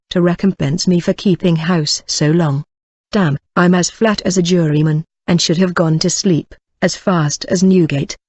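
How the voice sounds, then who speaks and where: A bored, haughty male housebreaker who drawls his complaints, as an audiobook reader voices him. The storybook voice is mid-pitched. It comes through a dull, dry, lo-fi home recording. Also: darkish tone, no room sound, natural voice.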